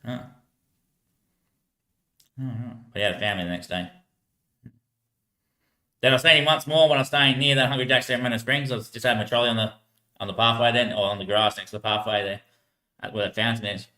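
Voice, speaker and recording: An Australian man rambling through casual stories about life on the streets, laughing often and trailing off quietly at the ends of his lines. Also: mid-range voice, a little fast, pauses often, roomy sound. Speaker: homeless man telling stories.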